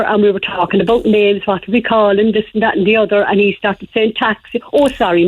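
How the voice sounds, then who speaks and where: A woman's voice: mid-range voice, husky, dry recording. Woman, a rambling, chatty caller heard over a dull, muffled line. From Ireland. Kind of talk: phone-in radio chat.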